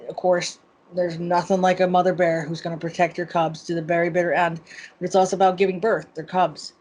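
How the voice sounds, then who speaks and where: A woman explaining a tarot spread in a measured, thoughtful way, reading its meaning intuitively. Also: fairly low pitch, darkish tone, rough recording. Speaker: tarot expert guest.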